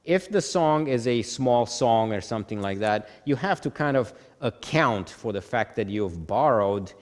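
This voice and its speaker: A man's voice: mid-range voice, expressive, measured pace, long reverb tail. A man teaching music theory at a board, explaining step by step, often checking "okay?" and chanting rhythms on "ta". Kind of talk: whiteboard lesson.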